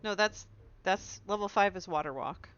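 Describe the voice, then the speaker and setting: A woman playing a tabletop game, talking eagerly with bursts of excitement and laughter. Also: mid-range voice, normal speed, smooth, highs cut off. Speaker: player. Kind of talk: casual tabletop game chat.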